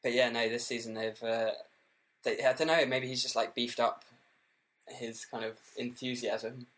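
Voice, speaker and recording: A man's voice: medium pitch, steady tone, moderate pace, a bit bright. Wry man in casual chat. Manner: wry, joking, swears casually. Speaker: podcast co-host.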